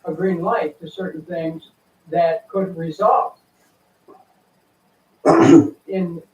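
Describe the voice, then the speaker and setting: An older man, a former congressman, speaking as a guest in a political interview, deliberate and earnest with many pauses. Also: on the high side, fairly even intonation, a little mellow. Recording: tinny phone-like line, echoey room, from far off.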